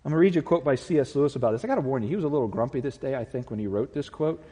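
Pastor, male, mellow and slightly husky, conversational sermon with humor, church hall reverb. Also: mid-range voice, animated, rapid-fire. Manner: earnest, conversational preaching with humor. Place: church sanctuary.

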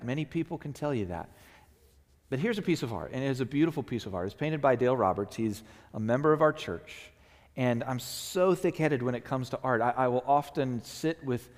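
A man preaching a sermon as a pastor, talking conversationally and acting out quotes in an animated way. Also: mid-range voice, big-room sound. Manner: conversational, animated storytelling with playful acted-out quotes.

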